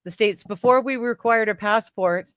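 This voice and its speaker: Chatty Canadian woman with a smooth voice. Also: fairly high pitch, normal speed, a bit bright, no echo, clean studio sound. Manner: chatty, laughs often, trails off with fillers. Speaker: livestream host. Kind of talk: casual chat reading viewer comments.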